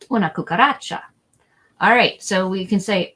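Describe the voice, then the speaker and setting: A woman teaching a live online lesson for families, chatty, repeating each word slowly for learners. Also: mid-range voice, a bit bright, poor audio. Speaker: Spanish teacher. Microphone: document camera setup, desk mic.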